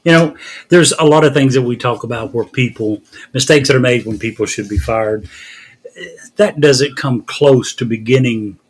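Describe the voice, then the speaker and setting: A man's voice: mid-range voice, moderate pace, slightly rough. A man hosting a casual news podcast, recounting stories in a wry way. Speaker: podcast host.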